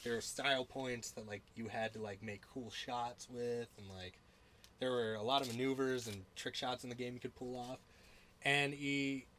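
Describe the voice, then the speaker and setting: Bright-voiced young man chatting casually. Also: medium pitch, a little hiss or hum. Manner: rambling and profane, lots of filler words and laughter. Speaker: podcast host. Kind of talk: casual chat.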